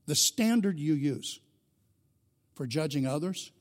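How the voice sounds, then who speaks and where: A man preaching to his congregation with a notably high-pitched voice. He speaks earnestly, slowing down for emphasis and swelling into fervent declarations. He sounds middle-aged, like an experienced pastor. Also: animated. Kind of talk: sermon.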